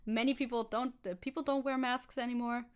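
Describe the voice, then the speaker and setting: Casting: higher-voiced woman, streamer, sarcastic, laughs a lot, loose rambling delivery. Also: level tone, a little fast, clear, resonant tone. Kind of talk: casual commentary reading posts.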